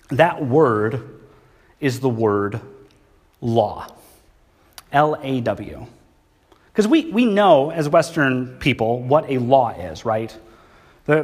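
A man's voice: medium pitch, lively intonation, measured pace, slightly rough. A man, preaching a sermon in a church and talking conversationally with the congregation. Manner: conversational, asks the congregation questions. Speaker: pastor. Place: church hall.

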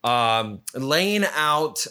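A man's voice: medium pitch, big pitch swings, very slow, sharp tone, smooth. Profane, rambling man ranting. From lives in Phoenix area. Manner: profane, rambling, exasperated griping. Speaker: storyteller recounting a trip. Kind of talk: casual rambling anecdote.

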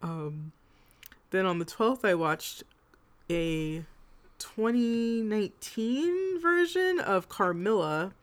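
A woman's voice: medium pitch, expressive, slow pace, clear, resonant tone. A woman co-hosting a podcast, chatting casually about films, swearing and laughing mid-sentence. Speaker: podcast co-host. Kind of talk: casual chat.

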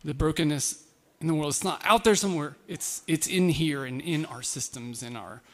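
A man gives a relaxed, conversational sermon, full of fillers and restarts and a self-deprecating humor. His voice sits somewhat high for a man. The sound carries a long hall reverb. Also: moderate pace. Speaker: pastor.

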